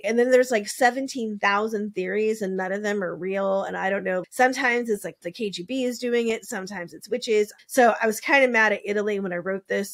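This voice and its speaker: A woman host telling a true-crime story in a casual, chatty way, full of "like" and wry asides, now and then swearing. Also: medium pitch. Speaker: podcast host.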